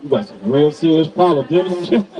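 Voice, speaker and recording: A man's voice: a little high, expressive, normal speed, dark tone, far from the mic, low-quality recording. A man preaching a sermon and calling out to people around him, reading scripture and challenging listeners. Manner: preaching to passersby, calling out to the crowd. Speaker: street preacher.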